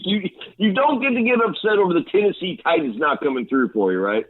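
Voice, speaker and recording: A man's voice: high voice, wildly swooping pitch, a little fast, hardly any pauses, a little hiss or hum. A man co-hosting a casual fantasy league chat, rambling and bluntly trash-talking with laughs. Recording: tinny phone-line sound.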